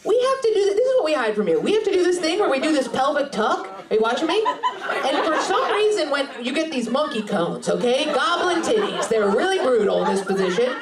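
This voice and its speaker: A woman's voice: high-pitched, big pitch swings, brisk. A woman doing stand-up crowd work in a club, brash, profane and teasing with the audience. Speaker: stand-up comedian. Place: comedy club stage. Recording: roomy club sound from a distance. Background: laughing audience.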